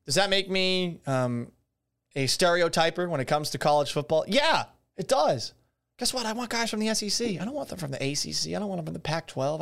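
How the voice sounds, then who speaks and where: A man's voice: on the high side, a bit bright. A man hosting a solo sports podcast, sarcastic and swearing freely, often laughing at his own jokes. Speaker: podcast host. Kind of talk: casual solo sports talk.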